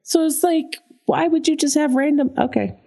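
A woman's voice: sits high, normal speed, vocal fry. A woman co-hosting a podcast, chatting casually and acting out the lines she quotes, with laughs. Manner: animated, acts out quoted characters with laughs. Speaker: podcast co-host. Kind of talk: casual chat recapping a cartoon episode.

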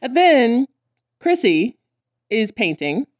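A woman's voice: on the high side, sing-song, slow, no echo, studio quality. A woman co-hosting a casual podcast, recapping a cartoon and acting out the characters' lines in voices. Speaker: podcast co-host.

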